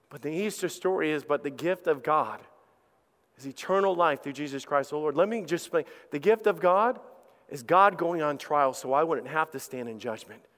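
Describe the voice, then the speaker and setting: A man's voice: sits high, fairly bright tone. A middle-aged male pastor preaching an impassioned sermon, acting out the voices of his listeners. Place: church auditorium. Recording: long reverb of a large hall.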